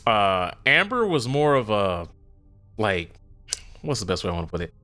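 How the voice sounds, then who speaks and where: A man with a bright, forward voice gives his opinions on a podcast. His pitch swings widely as he talks, and he speaks emphatically and directly to the audience. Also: very animated, normal speed. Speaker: podcast co-host. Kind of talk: casual chat.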